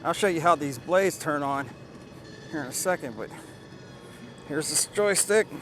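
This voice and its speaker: Soft music plays behind a man whose slightly high, fairly bright voice is expressive and unhurried. He's a tool reviewer casually demonstrating a riding mower outdoors for a product vlog, upbeat and talkative as he goes step by step. He's recorded on a camera mic, with an action camera on the mower at times.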